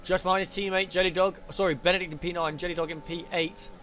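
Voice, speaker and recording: A man commentating on an online sim race, getting excited at crashes and overtakes. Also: high-pitched, quick pace. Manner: excitable, rising sharply at incidents.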